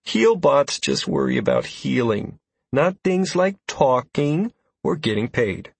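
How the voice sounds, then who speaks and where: A man's voice: medium pitch, sing-song, slow, creaky, slightly rough, no echo, voice pushed up, exaggerated voice. A man voicing a cocky, playful young male rogue who talks smugly with a chuckle. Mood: teasing. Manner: chuckling, smug.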